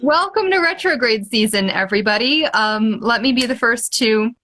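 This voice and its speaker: Bright-voiced woman astrologer explaining. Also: on the high side, normal speed. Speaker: astrologer guest. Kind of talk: casual explanatory chat.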